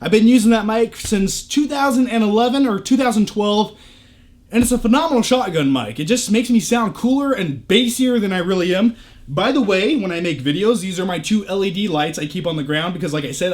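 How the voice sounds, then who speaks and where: Lively high-voiced man chatting casually. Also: a little fast. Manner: chatty, joking asides, casual swearing. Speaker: vlogger touring his home theater. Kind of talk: casual room-tour vlog. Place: home theater room. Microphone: shotgun mic on camera.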